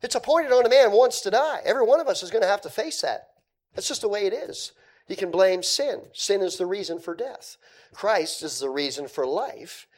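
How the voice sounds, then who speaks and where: A male pastor preaching a sermon in a conversational way, moving between emphatic points and quiet asides. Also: sits high, lively intonation, moderate pace.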